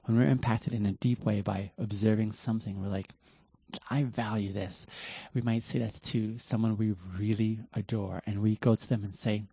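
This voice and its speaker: Earnest man speaking slowly, dark lo-fi voice. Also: lowish voice, fairly even intonation, breathy edge, no room sound. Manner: slow, deliberate, earnest, with many restarts. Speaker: host of a self-reflection talk. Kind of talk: reflective livestream talk.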